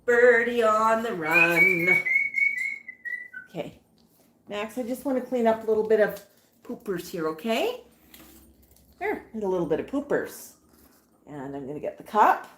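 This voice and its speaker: A woman's voice: mid-range voice, sing-song, moderate pace, pauses often. Doting woman cooing to her parrots. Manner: doting, baby-talk to birds. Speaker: pet parrot owner. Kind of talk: casual talk to pet birds. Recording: echoey room with clear noise.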